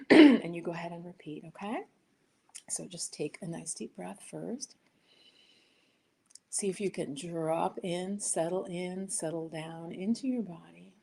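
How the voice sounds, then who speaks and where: A woman's voice: fairly low pitch, a little mellow, slight background noise. A woman hosting a casual live stream for her yoga channel, chatty and rambling, laughing at herself as she talks into her laptop. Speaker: yoga and meditation host. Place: indoors, home set-up with laptop.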